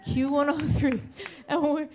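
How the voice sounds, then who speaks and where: A woman's voice: sits high, steady tone, a little slow, warm tone, a little hiss or hum. Chatty woman telling a story on stage. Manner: chatty, self-mocking, full of restarts and quoted voices. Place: stage at a live storytelling show.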